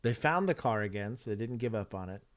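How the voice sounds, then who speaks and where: A man's voice: on the low side, lively intonation, fast, slight background noise. A man from Texas, a former police officer, hosting a casual livestream and wryly grading police footage.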